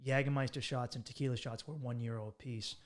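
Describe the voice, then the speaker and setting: A man's voice: mid-range voice, fairly even intonation, quick pace. An American man hosting a podcast, joking around, swearing, and acting out other people's lines while he tells his own stories. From United States. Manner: joking and chatty, swears and acts out quoted voices. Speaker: podcast host. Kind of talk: casual podcast conversation.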